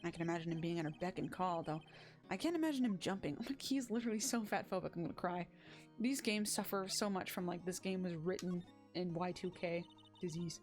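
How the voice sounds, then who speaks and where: A woman's voice: on the low side, fairly quick, a little mellow, faint music behind. Giggly self-mocking woman streamer. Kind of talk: casual game-stream commentary.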